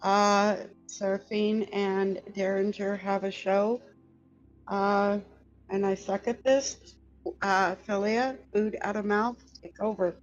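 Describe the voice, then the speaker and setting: A woman's voice: medium pitch, flat delivery. A woman co-hosting a horror podcast who does voice acting, chatting casually with many fillers. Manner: slow, with frequent laughs and fillers. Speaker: podcast co-host and voice actor. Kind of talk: casual chat. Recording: dull lo-fi audio with faint music.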